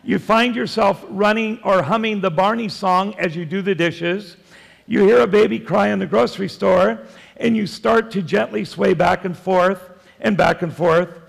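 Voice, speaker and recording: An older man preaches from the pulpit, his high voice carrying a gravelly edge. He is a folksy, joking storyteller, and his words ring out with the long reverb of a church hall. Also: normal speed. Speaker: pastor. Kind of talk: sermon. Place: church sanctuary.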